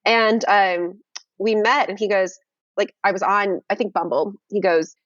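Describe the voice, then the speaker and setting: A young woman telling a dating story in casual conversation on a video call, animated and full of fillers. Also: medium pitch, unhurried, no echo, dull audio. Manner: animated, many fillers and restarts. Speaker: guest.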